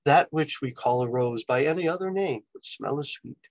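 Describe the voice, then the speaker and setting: A lovestruck young woman pleads in slow, earnest verse, as a male lecturer reads her lines aloud. The delivery is dry and close, with no room echo. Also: mid-range voice, natural voice. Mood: yearning.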